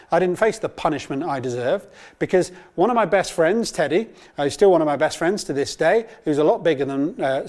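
A man in his thirties teaches a Bible course in a sermon-like talk. His voice sits somewhat high for a man, and he tells personal anecdotes in an earnest, storytelling way. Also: a little mellow.

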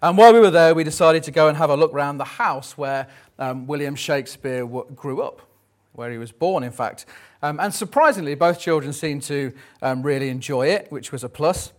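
A man's voice: fairly high pitch, normal speed. A man in his thirties preaching a Sunday sermon, conversational and jokey, with frequent ums. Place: church service.

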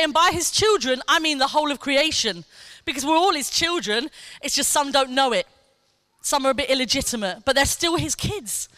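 A woman preaching a sermon, telling a personal testimony in an animated way and acting out quoted lines. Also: high voice, dry recording. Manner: animated storytelling, acts out quotes, laughs often.

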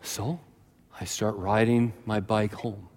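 A man preaching a sermon as pastor, telling a childhood story with lively acted-out voices. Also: slow. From British Columbia, Canada. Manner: animated storyteller, jumps to high frantic voices when acting out his childhood self. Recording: long reverb of a large hall.

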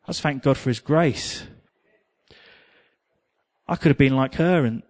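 At a measured pace with long pauses, an English preacher with a mid-range voice tells a personal story in his sermon. He's a lively storyteller who jokes about himself and slips in bits of song.

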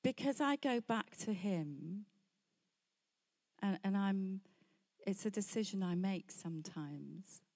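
Slow-speaking woman preacher giving testimony. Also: mid-range voice, lively intonation, darkish tone. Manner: candid, storytelling, laughs between points. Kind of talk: personal testimony sermon.

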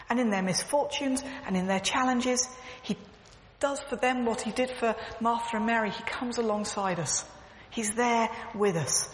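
A woman giving an earnest, emphatic sermon, repeating phrases as she tells stories. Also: fairly high pitch. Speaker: church speaker. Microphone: clip-on mic, echoing. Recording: echoey hall, faint background noise.

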